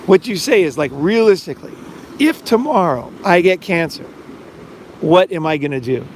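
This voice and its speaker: At normal speed and with lively intonation, a high-voiced middle-aged man hosts a podcast, rambling casually and leaning on fillers. He's a life coach who acts out the dialogue he quotes, and there's a little hiss or hum.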